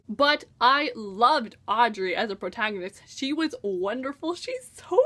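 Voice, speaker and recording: A woman's voice: a little high, expressive, unhurried, hardly any pauses, pushed and bright. A teenage American girl reviewing a book in a casual vlog. She gushes, saying "like" and "oh my gosh" all the time. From United States. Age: teens. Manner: gushing, enthusiastic, full of "like" and "oh my gosh".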